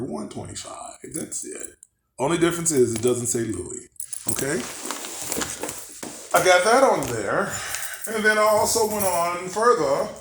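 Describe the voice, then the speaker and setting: A man's voice: fairly high pitch, fairly bright tone. A man, rambling in a casual show-and-tell vlog and asking viewers to picture things. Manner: chatty, rambling, asks viewers to imagine. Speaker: vlogger. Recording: echoey room, faint background noise.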